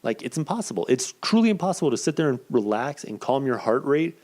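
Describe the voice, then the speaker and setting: A man hosting a podcast, telling a story in casual, profane chat and acting out quotes with lively swings. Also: medium pitch, fairly quick. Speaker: podcast host.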